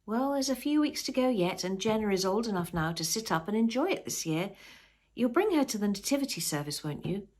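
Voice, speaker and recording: A woman reading the lines of a kind, steady husband in a storybook, gentle and reassuring. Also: mid-range voice, brisk, voice pushed up. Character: kind, steady husband, middle-aged man.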